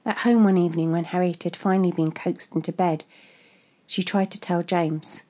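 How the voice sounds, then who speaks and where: Woman, story narrator, measured reading, lowish voice, warm mellow tone. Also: steady tone.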